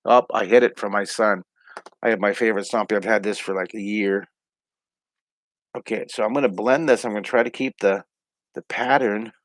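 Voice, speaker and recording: A man's voice: on the low side, steady tone, moderate pace, long pauses, dry recording. A middle-aged man hosting a live online drawing lesson from home, chatty and upbeat as he talks through each pencil stroke. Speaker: drawing teacher and host.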